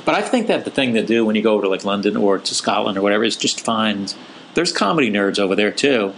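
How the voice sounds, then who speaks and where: A low-voiced American comedian telling stories in a relaxed chat, lively and quick to mimic the people he quotes. A faint ambience sits under his voice. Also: a little hiss or hum, rough recording. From United States. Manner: storytelling, lively, does voices when quoting. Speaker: stand-up comedian. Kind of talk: casual podcast chat.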